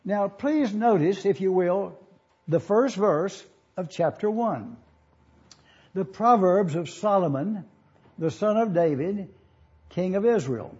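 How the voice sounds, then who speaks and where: A man's voice: high-pitched, lively intonation, slow, a little mellow, breathy edge, highs cut off. A man preaching a sermon in an auditorium, teaching and asking listeners to follow along in their Bibles.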